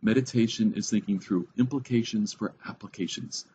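A man's voice: on the low side, brisk, warm tone, muffled recording, slight background noise. A middle-aged man giving a casual, conversational Bible teaching, thinking aloud with fillers and asides.

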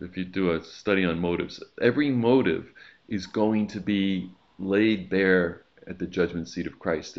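A man preaching a sermon in a relaxed, conversational way, with asides and a told joke. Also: low-pitched. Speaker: pastor. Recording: slightly dull lo-fi recording.

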